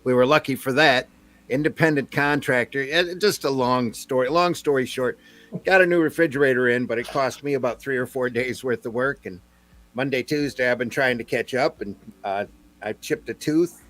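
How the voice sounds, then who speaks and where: A man's voice: medium pitch, moderate pace, fairly bright tone. Male panelist, slight lisp, dry matter-of-fact delivery. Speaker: panelist, comic book artist. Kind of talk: casual panel chat.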